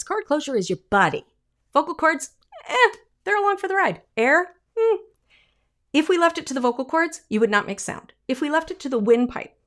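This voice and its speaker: A woman vocal coach teaching an online singing lesson, demonstrating sounds and acting out little voices. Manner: animated, demonstrates sounds and sung notes; acts out imagined voices with leaps in pitch.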